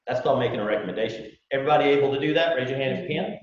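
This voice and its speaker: A man gives a live sales pitch to a room of recruits, folksy and full of rhetorical questions, acting out little dialogues. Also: rapid-fire. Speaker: business owner presenting to recruits. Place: large event room with live audience. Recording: echoey hall, distant mic, dull lo-fi.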